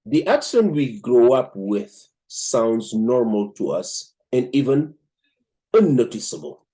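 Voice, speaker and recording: A man from Africa with an African accent hosts a show, reviewing a book and reading it aloud in a measured way with frequent "um" pauses. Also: medium pitch, very animated, mellow. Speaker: host and book reader.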